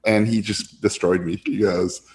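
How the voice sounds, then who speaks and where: A man, a filmmaker guest telling an animated anecdote and jumping high in pitch when he quotes others. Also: normal speed. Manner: lively storyteller, jumps high when quoting others.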